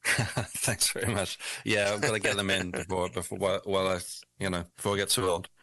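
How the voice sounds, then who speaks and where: A man's voice: deep voice, flat delivery, fast, a bit bright, no echo. A British man, an author and guest on a radio show, talking in a reflective, rambling way with self-deprecating asides. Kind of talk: radio interview.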